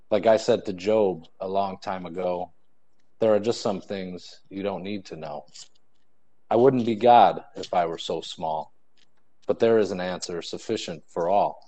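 At an online poetry event on a video call, a young student poet with a deep, dark voice recites his own rhyming verse. His delivery is steady and measured.

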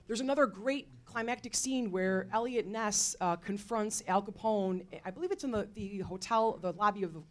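A woman history teacher holds forth on a faculty panel in an animated, storytelling way. Her voice sits at an ordinary middle pitch, and she keeps a conversational flow full of casual fillers. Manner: lively, expressive storytelling with fillers. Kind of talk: panel talk.

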